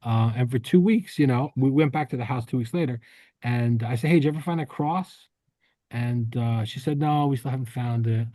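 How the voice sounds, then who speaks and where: A man co-hosting a podcast, telling a rambling story in casual chat with many restarts and quick laughs. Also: medium pitch, warm tone, no room sound. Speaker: podcast co-host.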